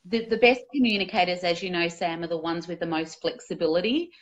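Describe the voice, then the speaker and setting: A woman's voice: fairly low pitch, brisk. A woman, a guest in a conversational interview, talking candidly and energetically about speaking, with casual swearing.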